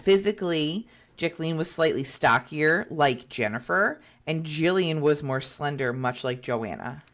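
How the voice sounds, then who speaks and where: Low and expressive, this woman's voice moves at a measured pace as she shares a story on the podcast she co-hosts. It's casual, talky storytelling, packed with filler words and quotes she performs.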